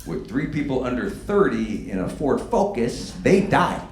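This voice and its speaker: A man's voice: mid-range voice, unhurried. Brash, profane man on a comedy stage. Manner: brash and profane, with animated bursts. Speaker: stand-up comedian. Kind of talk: stand-up comedy set. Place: comedy stage before a live audience. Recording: echoey room with loud background noise.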